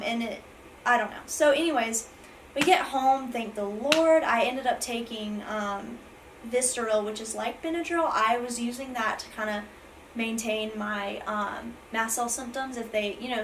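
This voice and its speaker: A woman's voice: a little high, a bit bright, distant mic, slight background noise, poor audio. A young woman, rambling through an emotional storytime vlog with many fillers and restarts, near tears with her voice breaking. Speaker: vlogger.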